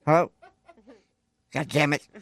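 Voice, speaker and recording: A man's voice: on the high side, steady tone, a little slow, vocal fry, crowd noise. A man voicing a pushy, overexcited boy on a prank call, stammering and insistent. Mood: eager.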